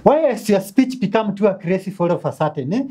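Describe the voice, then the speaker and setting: A woman with a Kenyan accent playing a blunt, fed-up female college student, with a husky voice. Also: medium pitch, animated, fairly quick, warm tone. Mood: scolding. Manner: blunt, scolding. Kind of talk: web series acting.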